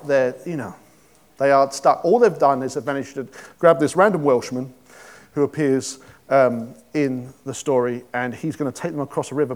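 A man giving an informal sermon, chatty and joking, with many restarts. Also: a little high. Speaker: preacher.

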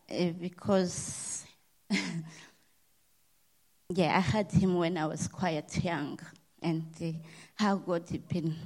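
A middle-aged woman tells her church testimony slowly and haltingly. Her voice sits a little low, and she searches for words in non-native grammar. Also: darkish tone, rough recording. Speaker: church member giving testimony.

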